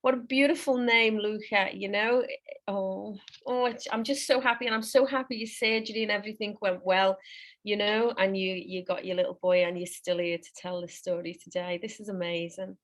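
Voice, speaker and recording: A woman's voice: medium pitch, fairly even intonation, normal speed. A woman, a psychic medium guest, talking in an effusive way and repeating her praise. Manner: warm, effusive, repeats herself. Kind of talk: casual conversation.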